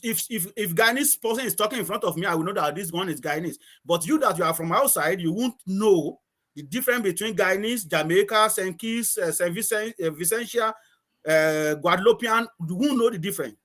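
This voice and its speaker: Antiguan man, high-pitched, rambling anecdotal guest on a call. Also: brisk, fairly bright tone. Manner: storytelling, repeats words, laughs often. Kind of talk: casual chat.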